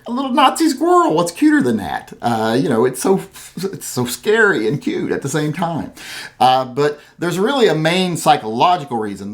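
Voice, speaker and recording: Folksy man, slightly high voice. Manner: folksy, rambling, animated mock voices. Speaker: host. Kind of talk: casual commentary monologue.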